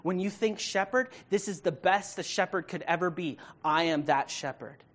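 At normal speed, a woman guides an evening Bible study, stressing her points and asking listeners questions along the way. She reads scripture in a loud, forceful voice.

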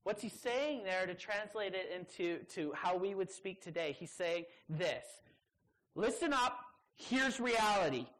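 Animated woman preaching a sermon. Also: normal speed, hardly any pauses. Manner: emphatic, animated, with sudden jumps into high quoted voices; conversational, teasing asides to the audience.

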